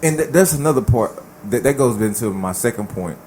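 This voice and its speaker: A man from Dallas, hosting a casual podcast chat, telling stories in an animated, slangy way. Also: medium pitch, a little fast, faint music behind. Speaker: host.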